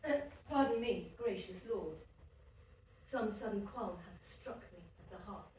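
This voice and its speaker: A woman playing a grave male lord protector, reading formal terms aloud in a measured way. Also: medium pitch, a little mellow, a little hiss or hum, lightly acted. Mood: troubled. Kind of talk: stage acting. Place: theatre stage. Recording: echoey theatre from far off.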